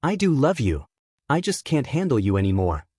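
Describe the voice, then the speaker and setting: A man's voice: mid-range voice, sing-song, normal speed, darkish tone, breathy edge, dry recording, clean studio sound. A man voicing a weary middle-aged mother in a fan story reading, condescending and cold.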